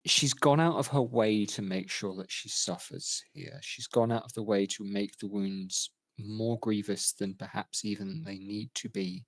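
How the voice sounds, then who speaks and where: A man running a tabletop role-playing game, narrating in a measured, thoughtful way with frequent ums. His lowish voice moves along unhurriedly. The recording is dry and close. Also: no room sound. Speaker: game master.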